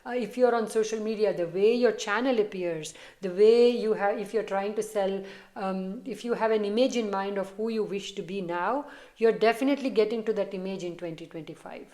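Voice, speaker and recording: A woman tarot reader gives a reading while chatting casually and reassuringly straight to her viewers. Her mid-range voice has a dark tone, and she speaks fairly quickly.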